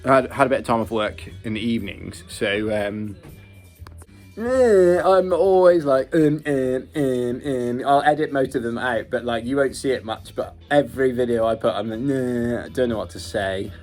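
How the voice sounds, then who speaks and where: This British man's casual build vlog has him walking through his converted bus, plain-spoken and poking fun at himself as he rambles. He speaks in a mid-range, expressive, slightly mellow voice at a moderate pace, faint music playing behind him.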